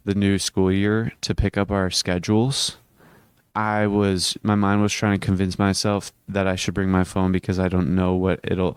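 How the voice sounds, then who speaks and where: In his casual self-improvement vlog, a teenage boy with hiccups rambles earnestly and keeps restarting sentences. The male voice is fairly low and clean in tone, and the recording is dry.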